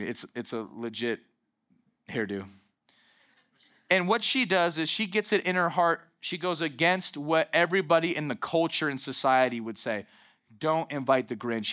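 A young adult man preaching a sermon as pastor, animated and calling out for amens from the congregation. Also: a little high. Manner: animated preaching with call-and-response "amen".

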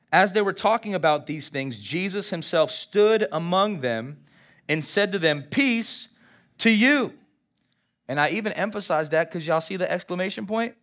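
A man preaches with lively energy. His voice sits a little higher than most men's. He reads scripture aloud and keeps calling for responses from the people listening. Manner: lively, engages congregation with call-and-response. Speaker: pastor. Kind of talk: sermon.

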